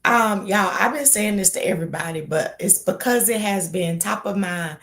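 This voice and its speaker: A woman hosts a livestream from her own mic. She chats casually and stretches words out for emphasis, greeting viewers one by one. Her pitch sits mid-range for a woman. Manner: animated, drawn-out emphasis, calls people baby. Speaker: pastor hosting an online Bible study. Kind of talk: casual livestream chat, reading comments.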